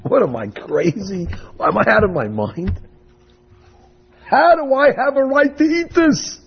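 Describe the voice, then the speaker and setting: A man voicing a frantic, guilt-stricken penitent who shouts his self-reproach in a raspy voice. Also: a little high, sing-song, normal speed, long reverb tail, muffled recording, voice pushed up. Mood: frantic, anguished. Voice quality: raspy, gravelly. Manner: shouting, anguished.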